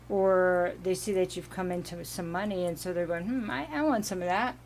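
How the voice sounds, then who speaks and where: A woman giving a casual, meandering tarot reading at home, giggling now and then and clearing her throat from allergies. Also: on the low side, slight background noise. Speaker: tarot reader.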